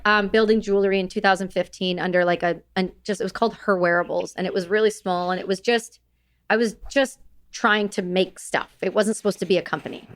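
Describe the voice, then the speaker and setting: A woman's voice: mid-range voice, steady tone, brisk. A woman telling her story as a podcast guest, blunt and swearing freely. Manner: blunt, swears freely, acts out quoted exchanges. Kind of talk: candid storytelling in conversation.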